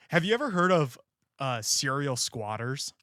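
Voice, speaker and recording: A young man co-hosts a casual podcast, telling stories with plenty of laughter. He acts out other people's lines as he talks. His voice is mid-pitched and sits close and dry. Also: measured pace, no room sound. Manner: animated storytelling, laughing, acting out quotes. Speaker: podcast co-host. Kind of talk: casual chat.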